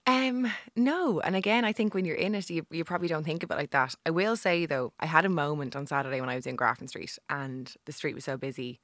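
A woman's voice: low voice, fast talker, hardly any pauses, fairly bright tone, no room sound, studio quality. A young woman with an Irish accent, a guest on a radio show, talking in a bubbly, easygoing way. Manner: bubbly and laughing easily. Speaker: guest, business owner. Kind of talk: casual radio interview.

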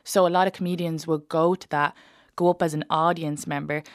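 A woman comedian chatting in an interview, telling animated stories quickly with bursts of laughter. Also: low-pitched, no echo, studio quality. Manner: fast, animated, laughing storyteller. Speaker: stand-up comedian, guest. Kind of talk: casual interview chat, storytelling.

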